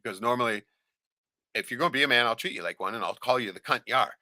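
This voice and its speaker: A man's voice: mid-range voice, animated, rapid-fire, no room sound. A man hosting a podcast who tells a story in casual, profane chat, keeps asking "right?" and acts out the voices of the people in it. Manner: acts out quoted voices, shouting them. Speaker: podcast host.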